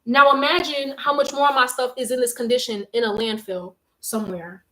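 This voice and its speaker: A woman's voice: on the high side, fairly even intonation, fairly quick, a bit bright. A young woman livestreaming from her bedroom, chatting candidly with viewers in slangy talk while out of breath from making her bed. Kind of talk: casual livestream chat. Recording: echoey room with faint noise.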